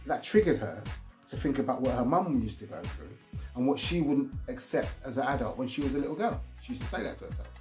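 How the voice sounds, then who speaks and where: A man's voice: mid-range voice, darkish tone. A man giving rambling, casual advice on emotional triggers, often restarting his sentences. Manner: rambling, repeats and restarts himself.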